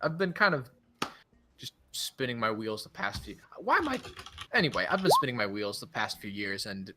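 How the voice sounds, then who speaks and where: A man's voice: medium pitch, sing-song, normal speed, very noisy. A man playing in a tabletop game, speaking in character in a hesitant way, with fillers and restarts. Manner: hesitant, fillers, self-correcting. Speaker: player. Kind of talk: tabletop role-play in character.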